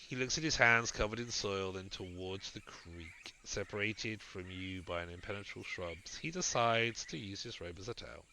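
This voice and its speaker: A man's voice: lowish voice, lively intonation, brisk, hardly any pauses, bright, forceful tone, a little hiss or hum, rough recording. A man hosting a game playthrough, reading the game's text aloud and adding wry asides. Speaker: let's play host.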